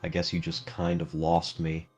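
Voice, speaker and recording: A man's voice: low voice, monotone, normal speed, breathy edge, soft background music. A man answering in a literal, puzzled, politely questioning manner, as a character in a game chat.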